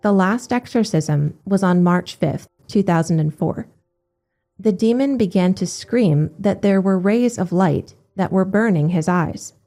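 A woman giving a steady, measured scripted narration of religious accounts. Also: medium pitch, faint music behind.

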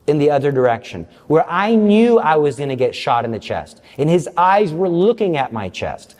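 A man telling a faith story to an audience with self-mocking humor, his voice jumping high whenever he quotes someone. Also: normal speed, hardly any pauses. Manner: animated, jumps high for quoted lines. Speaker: Catholic speaker. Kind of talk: storytelling talk. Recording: long hall reverb.

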